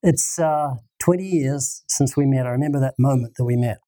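A man's voice: medium pitch, moderate pace, dark tone. A man with a New Zealand accent, a guest on a radio interview, chatting in a self-deprecating way and laughing often. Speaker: guest evangelist.

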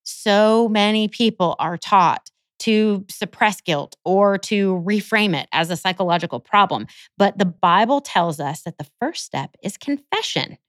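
A woman's voice: medium pitch, lively intonation, unhurried, hardly any pauses, no room sound. A woman hosting a Christian show, teaching in an earnest, scripted way and citing scripture verses. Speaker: host of a Christian podcast. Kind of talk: scripted Bible teaching monologue.

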